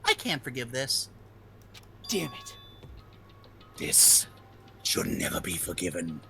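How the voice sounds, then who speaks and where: Woman reading as a sly, unhinged young man from a game; slow, creaky, sweeping pitch. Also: huge pitch swings, bright, forceful tone, faint music behind, full character voice. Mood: bitter. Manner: slow, drawn-out delivery with wild pitch swings. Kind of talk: reading game dialogue aloud.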